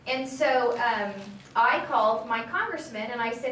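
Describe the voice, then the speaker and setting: A fairly high-voiced woman in her forties tells stories in a loose, chatty way, full of fillers and side remarks. She sounds distant from the mic, and her voice rings in a reverberant meeting room. Faint room noise stays underneath. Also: moderate pace, hardly any pauses, fairly bright tone. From California, Central Valley. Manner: chatty storytelling with many fillers and asides. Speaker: state assembly member giving a talk. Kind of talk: informal speech to a political group. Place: meeting room at a local political gathering.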